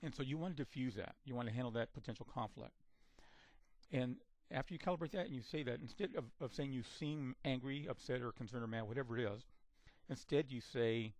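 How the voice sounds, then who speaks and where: Laying out each step of his instructional talk, a communication trainer speaks at an average pitch in a measured, steady way, with frequent repeats and restarts. The sound is close and dry, carrying little room around it.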